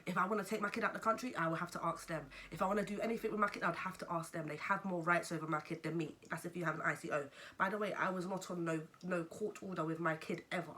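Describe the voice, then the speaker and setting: A young woman with a London accent, telling a story to camera in a casual, animated way and swearing freely. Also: on the low side, fast, few pauses. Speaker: vlogger.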